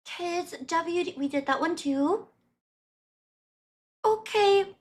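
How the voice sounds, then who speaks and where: A young woman streamer giving casual, animated, giggly reaction commentary. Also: extremely high pitch, slow.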